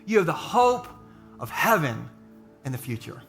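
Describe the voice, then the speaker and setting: A man preaching a sermon to a live church audience, mixing jokes and quick asides with his encouragement. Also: fairly high pitch, big pitch swings, gravelly, faint music behind. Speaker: pastor.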